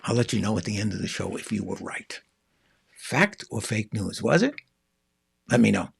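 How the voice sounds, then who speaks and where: A man's voice: lowish voice, lively intonation, moderate pace, creaky, slightly rough. A man hosting a magic show in casual live-stream chat, rambling with lots of fillers and restarts.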